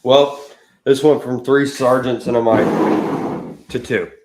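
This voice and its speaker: A man co-hosting a podcast, telling animated anecdotes in casual chat. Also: medium pitch, takes it slowly, slight background noise. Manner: talkative, animated anecdote teller. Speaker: podcast co-host. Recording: roomy echoey room.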